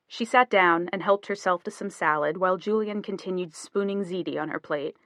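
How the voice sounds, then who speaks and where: Woman narrator, audiobook, measured, low voice, dry close mic. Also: fairly bright tone, no room sound. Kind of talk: scripted narration.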